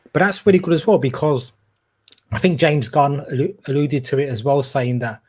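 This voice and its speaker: A man's voice: mid-range voice, a little mellow, breathy edge. Cockney man in casual film chat. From East End of London. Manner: rambling, hesitant with many restarts. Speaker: podcast co-host.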